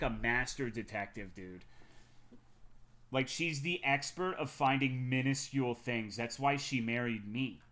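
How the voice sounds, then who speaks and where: A young man streaming and chatting casually, telling a story with a lot of swearing. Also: medium pitch. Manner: chatty storytelling, frequent swearing, animated when excited. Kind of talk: casual chat.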